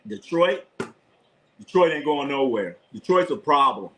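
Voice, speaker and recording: A man doing casual live play-by-play for his online chat, with a voice of ordinary middle pitch. He is blunt and opinionated, swears freely, and tends to say the same line two or three times over. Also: lively intonation, measured pace, fairly bright tone, low-quality recording. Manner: blunt, opinionated, profane, repeats himself. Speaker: live sports commentator, channel host.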